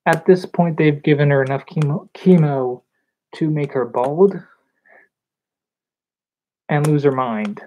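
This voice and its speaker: A young woman telling a personal story in a vlog, hesitant and halting, with nervous laughs. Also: deep voice, mellow. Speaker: vlogger. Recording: slightly dull lo-fi recording.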